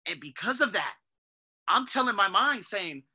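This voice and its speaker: Bright-voiced man talking to listeners. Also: high voice, normal speed, slightly rough. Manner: animated, talks to listeners as "guys", restarts and self-corrections. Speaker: podcast host. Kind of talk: casual motivational monologue.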